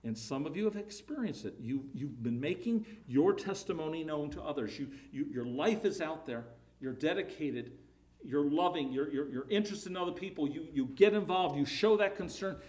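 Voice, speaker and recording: A man's voice: fairly high pitch, animated, normal speed, a little mellow. A man preaching a sermon, emphatic, his voice rising and falling in volume, often repeating words.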